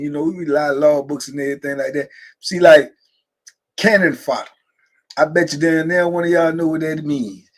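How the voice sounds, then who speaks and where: A man's voice: mid-range voice, slightly rough. A man hosting a livestream, telling loose, laughing stories and answering viewer comments as he goes. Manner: laughing, loose conversational storytelling with frequent asides. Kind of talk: casual storytelling to a live chat.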